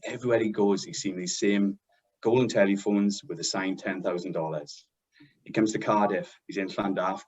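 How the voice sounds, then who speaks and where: A man's voice: low-pitched, darkish tone, breathy edge. A man co-hosting a podcast, telling stories and jokes in a chatty way and laughing at his own punchlines. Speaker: podcast co-host.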